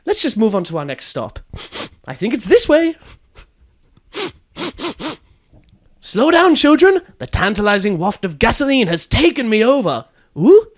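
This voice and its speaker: A man voicing a blind, foul-mouthed female bus tour guide in a comedic storytelling podcast. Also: very high-pitched. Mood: chirpy, guiding. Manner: swings from chirpy guide patter to furious swearing.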